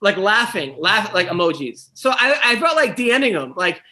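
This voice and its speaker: Man, podcast co-host, high voice, bright tone, rambling, gets animated. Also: moderate pace, few pauses. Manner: rambling, restarts, animated when annoyed. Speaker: wrestling coach. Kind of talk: casual podcast chat.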